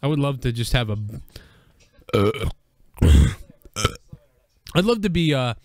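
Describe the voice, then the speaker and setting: Excitable, profane man in a dry room. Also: medium pitch, slow pace, no room sound. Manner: profane, excitable, laughs a lot. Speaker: podcast host. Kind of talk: casual chat.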